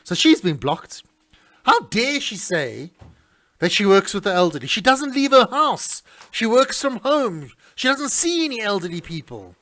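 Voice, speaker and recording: Animated man, lively pitch. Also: measured pace. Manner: animated and indignant, many restarts. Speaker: radio host. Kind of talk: casual talk-radio monologue.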